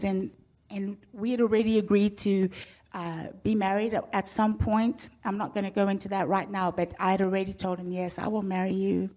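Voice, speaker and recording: A woman's voice: medium pitch, brisk. A woman in her sixties from Zimbabwe, telling her personal testimony to an audience with frank, self-mocking humor and a storyteller's liveliness. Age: 60s. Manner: animated storyteller who acts out quoted voices. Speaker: speaker sharing her testimony.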